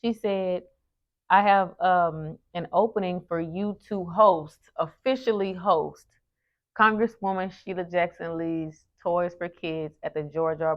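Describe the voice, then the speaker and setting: Earnest woman vlogger, muffled audio. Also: lowish voice. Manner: earnest, animated storytelling with frequent restarts. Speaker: lifestyle vlogger and event host. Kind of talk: casual talk to camera. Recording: muffled lo-fi sound.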